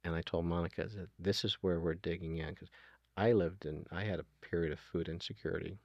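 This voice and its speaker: A man's voice: sits low, steady tone, quick pace, no echo, muffled recording. A middle-aged man talking earnestly as an interview guest, retelling conversations with plenty of ums and you-knows. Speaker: guest, food nonprofit founder.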